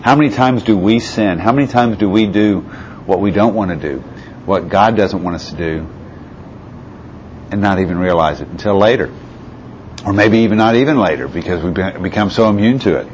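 Deep-voiced man preaching a sermon. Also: a little fast. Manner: asks the listeners rhetorical questions; reads out scripture passages. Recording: slightly muffled with faint background hiss.

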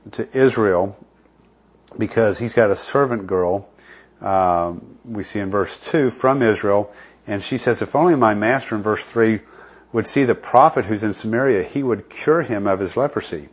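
A man teaching a Bible study, reading scripture aloud and explaining it in a casual, conversational way. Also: lowish voice. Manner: frequent fillers and restarts, conversational. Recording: dull lo-fi recording.

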